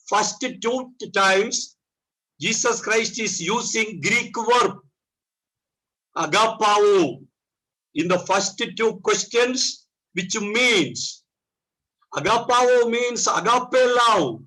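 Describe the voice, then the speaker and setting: Slow-preaching man with bright high voice. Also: lively intonation, rough recording. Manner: slow, repetitive preaching with rhetorical questions. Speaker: pastor. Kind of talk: sermon. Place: church.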